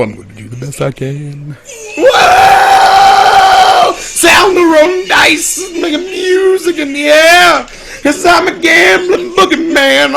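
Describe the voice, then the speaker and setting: A man singing as a gleeful, taunting male sack-monster boogeyman, cackling and shouting in sing-song menace. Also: very high voice, gravelly, pitched above the performer's own voice, heavily acted. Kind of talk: singing a cartoon villain song.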